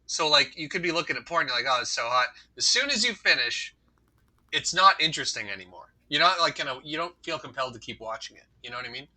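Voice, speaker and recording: A man's voice: on the high side, animated, quick pace, bright, forceful tone, rough recording. A man co-hosting a crude comedy podcast, rambling through stories in a loose, conversational way. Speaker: podcast co-host.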